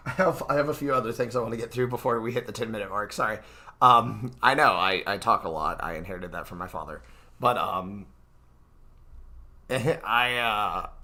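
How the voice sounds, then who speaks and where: Talking into a desk computer mic from his room, a man with a stuffy nose hosts a casual livestream reading of his book. His medium-pitched voice has a sharp tone, and he fills the chat with fillers and self-deprecating comments.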